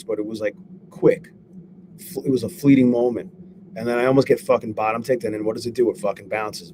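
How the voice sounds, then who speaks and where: A man on a live stream, swearing a lot and talking excitably while he reads out viewers' names and goes over his trades. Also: medium pitch. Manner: profane, excitable, shouts out chat viewers. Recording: steady background noise.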